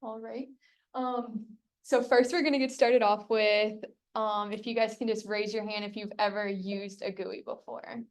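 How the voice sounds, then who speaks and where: A woman's voice: medium pitch, steady tone, a little slow. A young woman student giving a casual classroom workshop presentation, chatty and full of fillers. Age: young adult.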